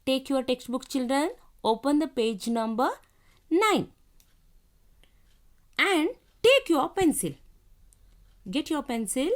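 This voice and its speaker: Slow, high-voiced Indian English teacher. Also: female voice, lively intonation. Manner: slow, deliberate reading, spelling words letter by letter; instructive, repeats directions to children. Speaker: schoolteacher. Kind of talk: classroom reading lesson for young children.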